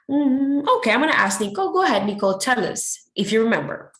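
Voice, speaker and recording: Casting: woman teacher, encouraging and quick with praise, mid-range voice, runs an online class. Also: mid-range voice, expressive, a bit bright. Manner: encouraging, praises often, switches to Spanish. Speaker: English teacher.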